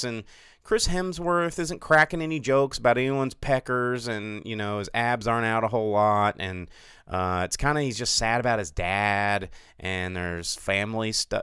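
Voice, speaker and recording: A man co-hosting a film podcast with a smooth, resonant voice. He talks in a loose, animated way, full of sarcasm. The sound is dry and close. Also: lowish voice, moderate pace, no echo. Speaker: podcast co-host. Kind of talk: casual film chat. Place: studio.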